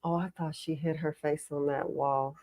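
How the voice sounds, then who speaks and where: A woman's voice: low-pitched, fairly even intonation, normal speed, warm tone. A woman co-hosting a wrestling watch-along in casual commentary, making dry, teasing remarks.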